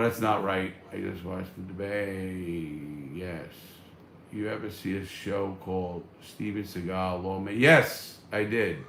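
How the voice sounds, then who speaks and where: A man's voice: low voice, steady tone, takes it slowly, vocal fry, a bit bright, roomy sound, a little hiss or hum. A man hosting a casual live stream, reading viewer comments and answering in a blunt, profane, fired-up way.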